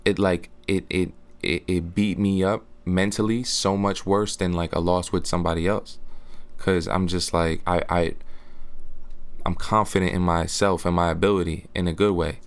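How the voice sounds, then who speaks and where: Young male podcast guest with a very low voice, earnest and slangy. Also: clear, resonant tone. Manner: earnest, slangy, restarts often. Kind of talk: casual podcast chat.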